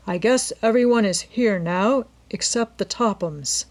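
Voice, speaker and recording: A woman voicing a calm, courteous middle-aged male lawyer with a polite, measured manner in a storybook reading. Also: medium pitch, voice pushed up, lightly acted.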